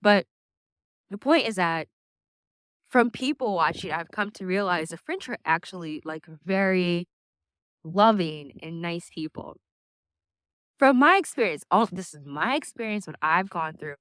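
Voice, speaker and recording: A woman's voice: fairly low pitch, expressive, measured pace, long pauses, a bit bright, smooth, dry recording, clean studio sound. A young woman talking casually to a camera on a stand, chatty, laughing often and restarting her sentences. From United States. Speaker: vlogger.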